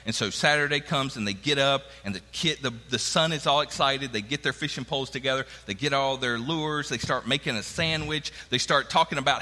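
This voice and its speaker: Bright-voiced male preacher in a reverberant hall. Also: a little high, animated, brisk. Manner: conversational preaching, acting out quoted dialogue. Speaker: pastor. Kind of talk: sermon.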